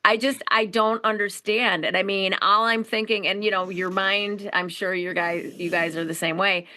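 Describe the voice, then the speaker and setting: A woman's voice: mid-range voice, flat delivery, moderate pace, sharp tone. A woman co-hosting a political podcast, talking heatedly with frequent restarts. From Chicago. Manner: emphatic, heated, with many "I mean" restarts. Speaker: podcast co-host. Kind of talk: casual political chat.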